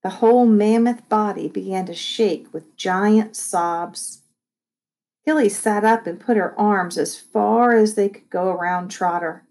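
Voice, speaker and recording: Woman narrator, novel reading, very slow, gentle and measured, mid pitch. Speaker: audiobook reader.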